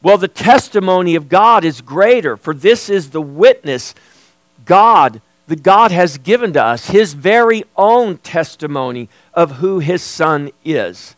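Male pastor, emphatic sermon delivery, somewhat high-pitched, dry recording. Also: expressive, measured pace, dry recording. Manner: earnest, emphatic preaching. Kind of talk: expository sermon.

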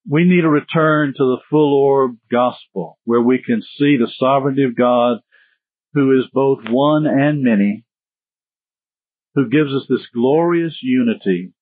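A man with a Southern US accent preaching a sermon as pastor in a folksy, animated way. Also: medium pitch, no echo. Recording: tinny phone-like sound.

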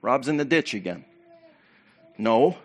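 A pastor preaching to his church, animated and preacherly, with loud bursts and quiet asides. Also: mid-range voice, unhurried, husky. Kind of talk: sermon.

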